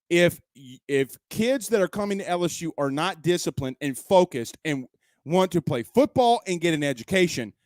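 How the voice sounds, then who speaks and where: A male sports talk host with a slightly high voice, speaking in a dry, close sound. He argues his points with emphasis, repeats himself for effect and fires off rhetorical questions. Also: no room sound. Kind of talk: opinionated sports talk commentary. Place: at home.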